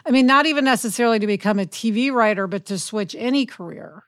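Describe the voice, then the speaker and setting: A woman's voice: on the high side, quick pace, a bit bright, no echo. A woman co-hosting a podcast interview, asking encouraging questions. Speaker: podcast co-host. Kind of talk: interview chat.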